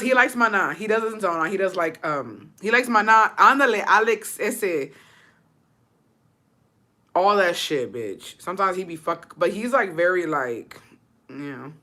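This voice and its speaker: A Texas woman streams and chats casually with her viewers, code-switching between English and Spanish and swearing freely. Her voice is fairly low with a sharp tone.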